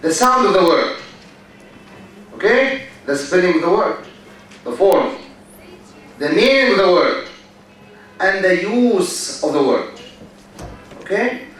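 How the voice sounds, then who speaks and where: A man lectures a class in a high, unhurried voice, repeating key words and asking "okay?" again and again. He sits far from the mic, and the big hall booms with echo around him. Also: lively intonation, fairly bright tone, a little hiss or hum. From Egypt. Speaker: university lecturer.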